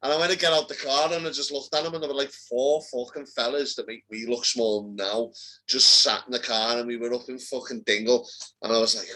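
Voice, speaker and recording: A young man with a Liverpool accent, co-hosting a casual chat and telling sweary, animated stories. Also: mid-range voice, a little fast, rough recording. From Liverpool, England. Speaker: co-host.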